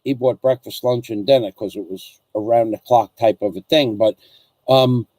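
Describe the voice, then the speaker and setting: A man's voice: medium pitch, normal speed, dark tone, no room sound. Rambling middle-aged man with a dry voice. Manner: rambling, repeats himself while telling stories. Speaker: host reading viewer comments. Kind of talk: casual storytelling chat.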